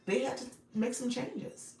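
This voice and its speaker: Upbeat and repetitive, a woman coaches on a live stream at a measured pace, reading chat, laughing often, and calling viewers by name. Her fairly high voice comes through a distant mic in an echoey, very noisy room.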